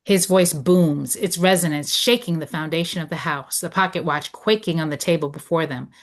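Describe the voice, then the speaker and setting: A woman reads stage directions aloud in a low voice. Her delivery is measured and descriptive, setting each scene plainly. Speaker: narrator reading stage directions. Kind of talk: script read of stage directions.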